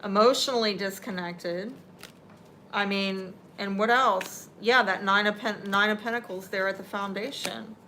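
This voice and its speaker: A woman reads tarot cards live at a slow, deliberate pace, her voice teary-eyed. She talks straight to the viewer in a reassuring way. A faint hum sits under her voice. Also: mid-range voice, steady tone, sharp tone. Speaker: tarot reader.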